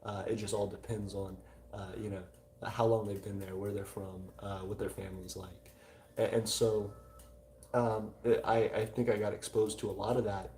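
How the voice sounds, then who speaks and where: A young man in his twenties from South Louisiana, co-hosting a casual livestream, reading chat aloud and answering with frequent hesitant pauses. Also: on the low side, level tone, dark tone, a little hiss or hum. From South Louisiana, USA. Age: 20s. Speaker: livestream co-host.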